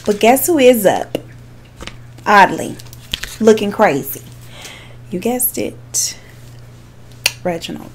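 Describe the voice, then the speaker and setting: A woman's voice: medium pitch, vocal fry, a little hiss or hum. A woman telling a true crime story in a casual, chatty way, with frequent asides to her viewers. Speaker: true crime makeup vlogger.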